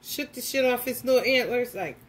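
Animated profane woman tarot vlogger. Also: a little high, brisk. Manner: animated, profane, laughs while telling stories. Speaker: tarot reader. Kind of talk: casual vlog storytelling.

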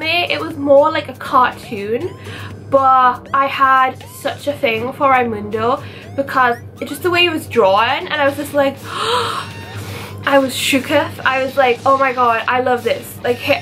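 High-voiced gushing young woman vlogger. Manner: gushing, animated fangirl talk with gasps and mock outrage. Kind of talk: casual chatty countdown vlog.

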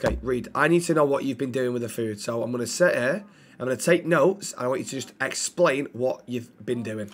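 A man streaming game roleplay as a restaurant manager, animated and swearing. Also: medium pitch, fairly quick. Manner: animated, swearing, mock-stern.

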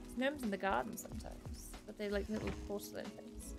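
A woman's voice: mid-range voice, brisk, vocal fry, music in the background. A young woman chatting casually while streaming a game, thanking viewers by name and laughing at her own confusion. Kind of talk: casual live-stream chat while playing.

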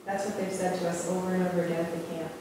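A woman giving an informal talk to a group. Her delivery is candid and conversational, full of small fillers. She was recorded in a big echoing hall from a distance, with steady room noise behind her. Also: lowish voice, rapid-fire. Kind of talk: informal presentation to an audience. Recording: echoey hall, far from mic, room noise.

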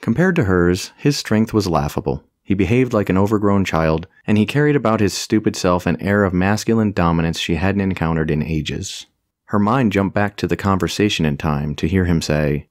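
A man's voice: low voice, brisk, darkish tone, no echo, studio quality. A man narrating a comic fantasy audiobook with a wry, storytelling delivery.

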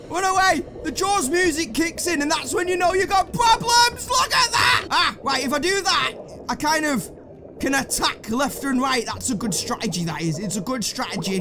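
Man, gaming commentary, very high voice, excitable, swears a lot. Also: measured pace, over loud music. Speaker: gaming video host. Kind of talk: let's play commentary.

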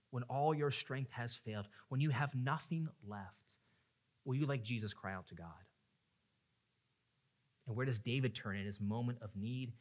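A male pastor preaching a sermon, dropping to hushed tones and rising into loud, impassioned pleading. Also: mid-range voice.

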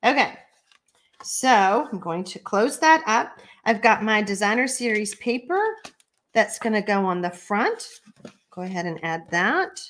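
A woman's voice: mid-range voice, animated, measured pace, a bit bright, slight background noise. A Texan woman hosting a live card-making tutorial, chatty and folksy, laughing often and reading viewer comments aloud. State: allergies, watery eyes. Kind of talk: live stream craft tutorial.

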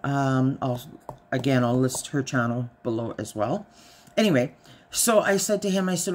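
A woman's voice: extremely low pitch, normal speed, a little hiss or hum. A middle-aged woman chatting casually in a vlog, telling a story with a lot of "I said" and a dry delivery. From Canada. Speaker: haul vlogger.

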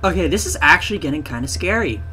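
An excitable, jokey streamer giving live gameplay commentary, swinging into mock wailing. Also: mid-range voice, fast talker, a little hiss or hum.

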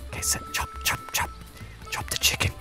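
A man's voice: fairly quick, music in the background. A young man co-hosting a gaming video, whispering playful ASMR-style chat and repeating soothing phrases in jest. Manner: playful, repetitive, mock-soothing.

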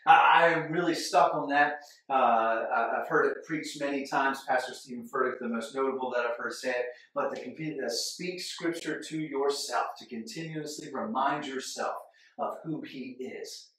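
A man preaching a sermon as a pastor, animated, with his delivery swinging from loud to hushed. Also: medium pitch, moderate pace, distant mic. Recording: echoey church hall from off-mic.

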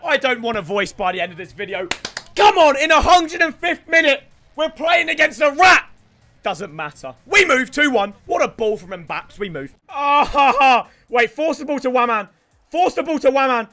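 A young man commentating his own football video game matches, hoarse from yelling celebrations. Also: very high voice, big pitch swings, moderate pace. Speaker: gaming YouTuber.

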